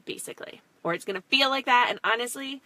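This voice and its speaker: A woman's voice: a little high, quick pace, pushed and bright, slight background noise. A woman in her thirties, a mom hosting a casual live stream, chatting in a rambling way with lots of fillers and casual swearing.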